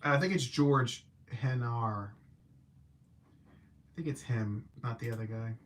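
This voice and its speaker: A man's voice: mid-range voice, slow pace, a little hiss or hum. Rambling man chatting about movies. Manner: rambling, self-correcting, thinking aloud. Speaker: film reviewer host. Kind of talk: casual livestream movie review.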